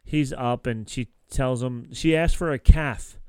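A man's voice: mid-range voice, a little slow, clean tone, no echo. A man casually recapping a TV episode on a podcast, rambling with lots of fillers and restarts. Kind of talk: casual chat.

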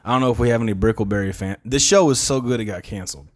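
A man's voice: lowish voice, very fast. A young man co-hosting a podcast in casual chat, laid-back and rambling, laughing often. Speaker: podcast co-host.

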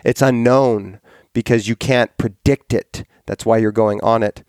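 A man's voice: on the low side, fairly even intonation, measured pace, darkish tone, no room sound, clean studio sound. A man hosting a podcast, chatting casually and enthusiastically, often rambling and correcting himself. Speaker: podcast host.

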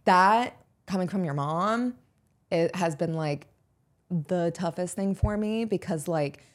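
A woman's voice: on the low side, slow. A woman in her twenties talking as a podcast guest, earnest and open, with lots of "like" fillers. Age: 20s. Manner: earnest, heavy use of "like" fillers. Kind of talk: casual chat.

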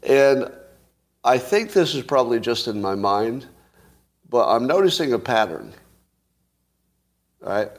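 A man's voice: medium pitch, very animated, slow, long pauses. A man hosting a casual solo commentary, musing aloud, asking rhetorical questions and chuckling to himself. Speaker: show host commentator.

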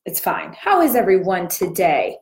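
A woman's voice: lowish voice, big pitch swings, moderate pace, vocal fry, echoey room. A young woman hosting a casual morning live stream, chatting through a cold sore with her lips barely opening. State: cold sore, speaking with a small mouth.

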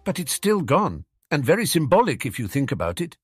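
A man's voice: a little high, wildly swooping pitch, fairly quick, husky, no room sound, studio quality, faint music behind, voice pushed up, heavily acted. A man voicing a sarcastic, cheeky teenage boy wizard in a storybook reading, teasing and mock-dramatic. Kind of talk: audiobook character reading.

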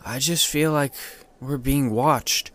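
A man's voice: takes it slowly, fairly bright tone. A man doing a spooked anxious young man. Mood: uneasy. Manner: uneasy, low-key.

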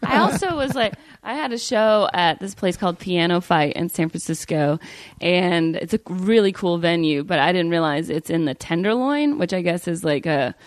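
A woman from Northern California chats and tells stories, laughing often, her pitch swinging all over the place. The sound is close and dry, with no room around her. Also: normal speed, dry recording. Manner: giggly, animated storyteller. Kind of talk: casual chat.

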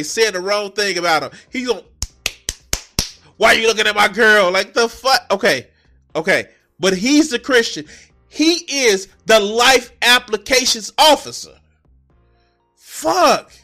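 A man mocking a clip in a profane, animated reaction commentary, cursing and laughing at the speaker. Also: high voice. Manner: mocking, animated, swears heavily.

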